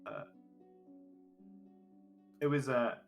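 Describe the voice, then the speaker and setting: A man's voice: medium pitch, extremely slow, vocal fry, soft background music. A man chatting casually on a live stream as game master, rambling and correcting himself as he goes. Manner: rambling, self-correcting, laughs often.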